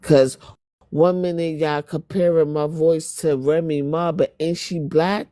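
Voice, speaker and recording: A woman's voice: low-pitched, steady tone, measured pace, warm tone, no room sound. Blunt New York woman ranting. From Spanish Harlem, New York. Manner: blunt, confrontational, profane. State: strained voice. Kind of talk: heated monologue to viewers.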